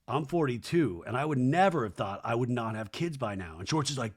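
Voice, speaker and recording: A man hosting a podcast, recapping a reality show with sarcastic, crude jokes and high-pitched mocking impressions of the cast. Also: brisk, hardly any pauses, husky. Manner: animated, jumps into high mocking voices when quoting people. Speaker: podcast host.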